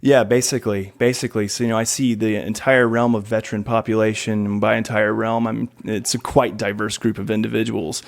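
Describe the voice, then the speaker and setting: Gravelly thirtysomething man, slight Southern twang. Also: lowish voice, level tone, a little fast, few pauses. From South Carolina, USA. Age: 30s. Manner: laughs easily, self-deprecating joking. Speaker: podcast guest. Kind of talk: casual interview chat.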